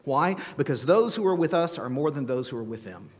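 A man preaching as a pastor, telling the story in an animated way, acting out scenes with playful asides. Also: a little high, a little fast, slightly rough. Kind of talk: sermon. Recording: long hall reverb.

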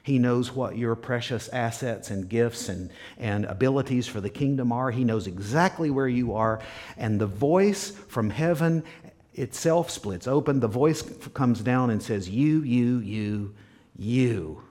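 A man's voice: medium pitch, unhurried, a little mellow. A man preaching a sermon as pastor, emphatic and repetitive, sometimes dropping to a near whisper. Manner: emphatic, repeats key words, drops to a whisper at times.

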